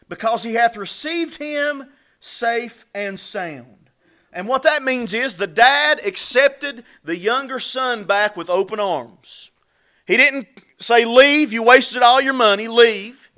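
A man preaching a sermon in a folksy, conversational way, with repetitions and asides, growing louder when he acts out scripture. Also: lively intonation, takes it slowly. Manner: rises in pitch and volume when dramatizing scripture.

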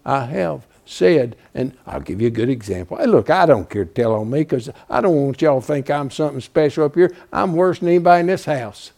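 A man's voice: medium pitch, a little fast, vocal fry, few pauses. A man in his seventies preaching, telling a folksy story with rising animation. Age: 70s. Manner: folksy, animated, builds to loud. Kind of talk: storytelling sermon.

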